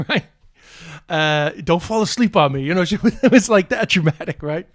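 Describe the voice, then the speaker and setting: A middle-aged man who does comedy for a living talks straight to the camera, retelling a story as it really happened. His voice sits a little high and comes across dry and close, with no room around it. He restarts sentences constantly and keeps steering back with "but anyway". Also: a little slow, long pauses, no echo. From United States. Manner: animated, builds to excited near-shouting at the punchline; self-correcting restarts, frequent "uh" and "but anyway".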